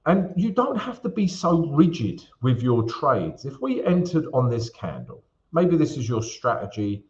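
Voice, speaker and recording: A man's voice: medium pitch, very animated, a little slow, darkish tone. Guy doing a live trading q&a stream, loose and chatty, lots of ums and okays, kinda dull lo-fi sound. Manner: chatty, frequent fillers and tag questions. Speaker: forex trading host. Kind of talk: live stream Q&A, chart analysis.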